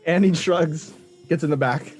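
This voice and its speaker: A man's voice: a little high, unhurried, a little mellow, husky, soft background music. A man playing a tabletop game, cracking jokes and narrating his character's moves. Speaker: player. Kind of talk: tabletop game play, joking.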